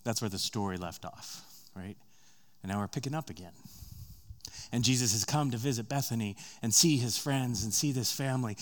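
A man preaching a sermon, retelling a story with conversational asides, rising louder and higher at tense moments and dropping soft and slow.

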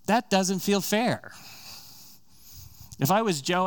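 A man's voice: high voice, expressive, slow, pauses often, smooth. A man preaching a sermon, retelling a story in a casual, conversational way and acting out the characters' lines.

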